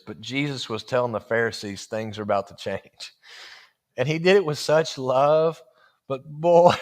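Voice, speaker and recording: A man preaching in a folksy, humorous storytelling style, laughing through his stories. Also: medium pitch. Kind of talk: storytelling sermon.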